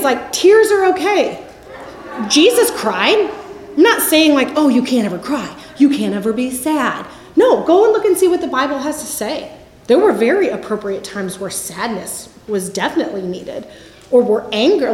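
A woman in her forties giving a Bible teaching talk in a lively storytelling manner. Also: high voice, a little hiss or hum. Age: 40s. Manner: lively storytelling, acts out quotes with laughs. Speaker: campus ministry speaker. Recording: echoey room.

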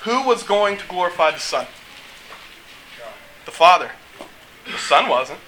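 A man preaching a casual, joking sermon, acting out quotes with lively energy. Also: sits high, unhurried, slight background noise, low-quality recording. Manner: animated, joking, acts out quotes.

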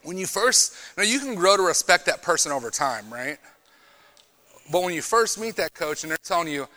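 A man preaching a sermon to young people, with a somewhat high, bright and forceful voice. He moves between loud, emphatic bursts and quiet, confiding storytelling. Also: very animated, moderate pace. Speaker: retreat speaker. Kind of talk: youth sermon.

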